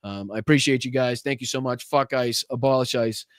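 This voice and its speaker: Heated male livestream host, crisp and dry. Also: mid-range voice, fairly quick, dry recording. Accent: Boston. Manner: heated, repetitive, many fillers and restarts. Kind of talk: casual livestream commentary and viewer shout-outs.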